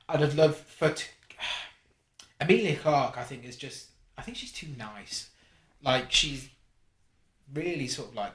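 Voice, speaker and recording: A man hosts a casual film podcast. His voice is bright and forward, and his delivery is animated and rambling, full of restarts. It all sits in a roomy, echoey space. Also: mid-range voice. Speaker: podcast host.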